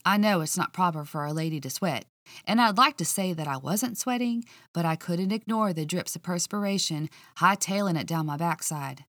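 A woman's voice: on the low side, normal speed, a bit bright, no room sound, clean studio sound. A woman hosting a podcast, narrating a mystery story in the first person with a chatty, folksy manner.

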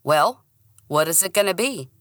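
Woman doing a gruff cop guy, curt and threatening, a bit lower, bright clear tone, dry close mic. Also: expressive, moderate pace, no room sound. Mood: stern. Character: stern, bullying male police detective.

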